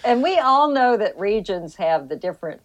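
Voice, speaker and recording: A woman's voice: medium pitch, sing-song, moderate pace, lo-fi sound. A woman with a Southern US accent, a podcast guest chatting casually with teasing, sarcastic humor. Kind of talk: casual chat.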